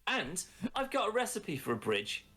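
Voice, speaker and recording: A man's voice: sits high, huge pitch swings, normal speed, pushed and bright, breathy edge. A man co-hosting a podcast, ranting in casual chat and mimicking voices as he mocks things. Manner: sweary, ranting, mock-quoting in put-on voices. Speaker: podcast co-host.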